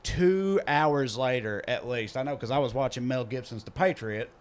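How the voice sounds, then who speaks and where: A man's voice: mid-range voice, normal speed. A man with a Southern US accent, a podcast host telling a story in casual chat, acting out the people he quotes, recorded in a theater green room.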